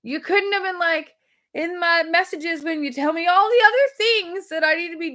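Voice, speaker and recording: High-voiced chatty woman. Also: moderate pace, bright, forceful tone. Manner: chatty, self-deprecating, rambling with fillers. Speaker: host of a weekly video segment. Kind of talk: casual storytelling to viewers.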